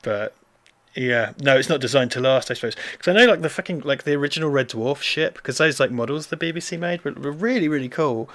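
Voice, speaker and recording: A man with an ordinary mid-range voice talks into a USB desk mic at home. He chats casually, swears freely, and laughs often. His talk is loose and animated. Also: medium pitch, fairly quick. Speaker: co-host of a film watch-party stream. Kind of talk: casual chat.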